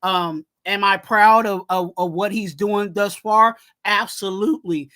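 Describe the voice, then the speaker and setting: A man hosting a casual sports podcast who talks in an animated way, leans on "you know what I'm saying", and breaks into shouted rants. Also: high voice, unhurried. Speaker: podcast host.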